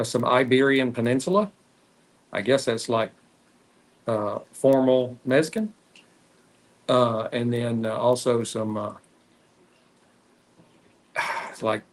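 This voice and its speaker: A man with a Texan country drawl talks through his cigar podcast in an unhurried, rambling way. His voice has a gravelly, fry-laden edge and sits in a middle pitch, and he drifts between topics with frequent filler pauses. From Texas. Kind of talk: casual solo chat while smoking.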